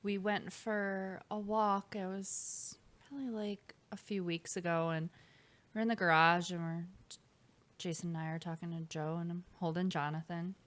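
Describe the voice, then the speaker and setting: A woman with a somewhat low voice co-hosts a casual podcast chat in a home basement studio. She talks in a chatty way and acts out what people said as she tells her stories. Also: level tone, moderate pace, a bit bright. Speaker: podcast co-host.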